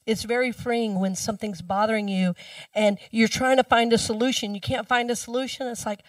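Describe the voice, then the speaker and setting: A woman minister giving a sermon in a chatty storytelling way, dropping her voice low when she repeats the mantra. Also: steady tone, a little fast, no echo, distant mic. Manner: conversational storytelling, speaks the mantra softly.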